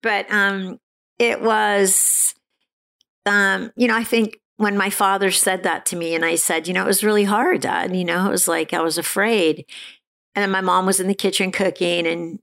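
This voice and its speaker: A middle-aged woman candidly telling her personal recovery story as an interview guest, halting and restarting as she talks. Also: mid-range voice, steady tone, creaky, a bit bright. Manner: halting, frequent restarts and fillers, laughs now and then.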